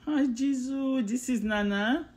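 An older woman, a grandmother, giving slow and careful recorded congratulations. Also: sits high, darkish tone, slight background noise.

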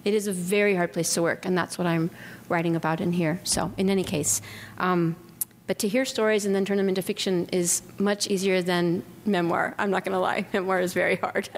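A middle-aged woman from Southern California telling lively stories to an audience as an author giving a talk, acting out quotes with whispers. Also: lowish voice, fairly quick. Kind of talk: anecdotal storytelling to an audience. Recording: lecture hall with long reverb, faint noise.

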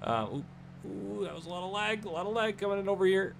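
A man's voice: sits high, fast talker, creaky, a little hiss or hum. A man casually commenting on his farming game, easygoing and rambling with lots of fillers. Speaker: gameplay channel host.

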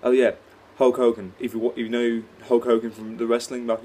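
A man's voice: mid-range voice, fairly even intonation, normal speed, hardly any pauses, mellow, a little hiss or hum. A young man chatting casually and a little hesitantly between impressions.

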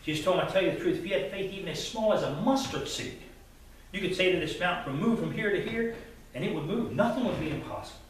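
A man's voice: high-pitched, lively intonation, quick pace, slight background noise. A man preaching a sermon as a pastor, earnest, often repeating words as he stresses a point, in a church sanctuary. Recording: distant mic in a very echoey church hall.

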